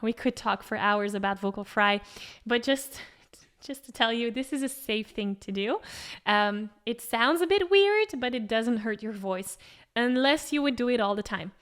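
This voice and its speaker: A woman's voice: a little high, lively intonation, normal speed, a bit bright, clean tone. A woman singing teacher giving an encouraging vocal lesson and demonstrating exercises.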